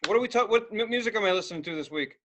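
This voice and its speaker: A young man co-hosting a podcast, telling an animated story in casual chat and bursting into loud acted-out outbursts. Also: high voice, rapid-fire, slight background noise. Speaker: podcast co-host.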